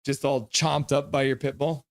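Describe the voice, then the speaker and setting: A man's voice: medium pitch, flat delivery, normal speed, no room sound. A man hosting a live stream, reading viewer comments aloud and giving jokey, chatty play-by-play of a hockey game.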